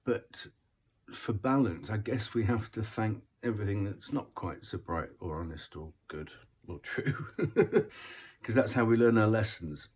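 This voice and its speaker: A British man with a croaky voice, rambling and chuckling as he gives a casual oracle card reading. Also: fairly low pitch, lively intonation, unhurried, a little mellow. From Britain. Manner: rambling, chuckling between thoughts.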